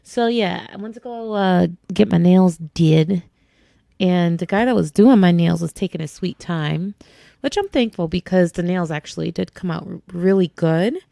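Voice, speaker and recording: A woman's voice: lowish voice, normal speed, vocal fry, warm tone, dry recording. A woman co-hosting a podcast in casual chat, laid-back and slangy in her talk. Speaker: podcast co-host.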